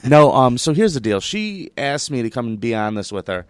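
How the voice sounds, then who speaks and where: A man telling a story as a comedian guest on a casual podcast, animated and swearing, acting out the quotes as he goes. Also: medium pitch, normal speed, clean tone, dry recording.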